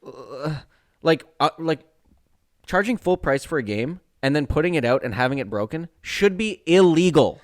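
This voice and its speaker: A man's voice: fairly high pitch, moderate pace. Guy on a podcast going off on a rant, says stuff twice for emphasis, casual. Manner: animated, ranting, repeats for emphasis. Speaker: podcast co-host. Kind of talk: casual chat.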